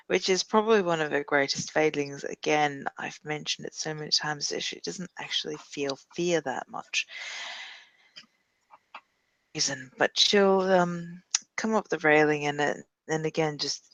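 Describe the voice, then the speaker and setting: A man playing a tabletop game, narrating his character's actions in a measured, dry way. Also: a little high, creaky, fairly bright tone, no echo. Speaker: player.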